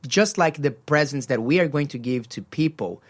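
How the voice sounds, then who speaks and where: A man's voice: fairly high pitch, expressive, moderate pace. A man co-hosting a faith radio breakfast show, talking earnestly about giving, often repeating words as he goes. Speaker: radio co-host. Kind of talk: casual radio chat.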